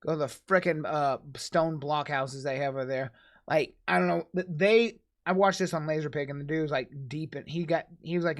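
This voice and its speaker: An American streamer ranting angrily into a desk microphone while reacting to a video, cursing freely and swinging between loud outbursts and low mutters. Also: female voice. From United States. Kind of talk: angry casual rant.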